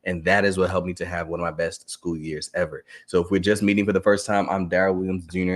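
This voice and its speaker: A man in his thirties, an educator giving a live online talk to teachers, telling animated stories and laughing often. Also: deep voice, quick pace, hardly any pauses. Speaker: educator and speaker.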